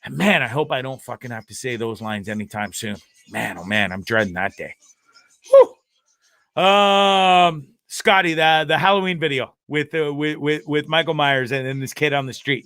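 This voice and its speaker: Profane ranting man, bright dry voice. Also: fairly high pitch, lively intonation, moderate pace, no echo. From Canada. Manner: profane, ranting and laughing often. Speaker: host of a live web show. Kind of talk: casual live-stream chat.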